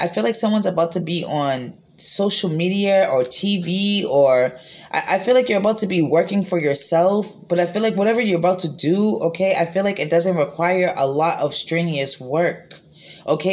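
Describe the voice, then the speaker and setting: Woman tarot reader, slightly low voice, recorded on a phone. Rambling, blunt, casual delivery. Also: darkish tone. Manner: rambling, repeats herself, frequent fillers; profane, blunt.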